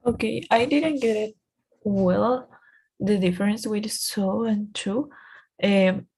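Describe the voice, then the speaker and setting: A woman student speaks slowly and haltingly, pausing with fillers as she works out her English. Her pitch sits in a middle range. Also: a little mellow, husky. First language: not English. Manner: hesitant, searching for words. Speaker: English learner. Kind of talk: online one-to-one lesson.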